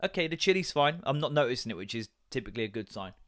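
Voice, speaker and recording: A man's voice: medium pitch, rapid-fire. Rambling English man hosting a podcast. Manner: rambling, swearing, animated storytelling with put-on quoted voices. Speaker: podcast host. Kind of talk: casual solo chat.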